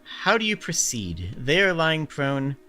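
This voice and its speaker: Guy running a tabletop game, bright lively voice, chill and measured, music in the background. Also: on the high side. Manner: laid-back, laughs easily, measured descriptions. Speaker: game master.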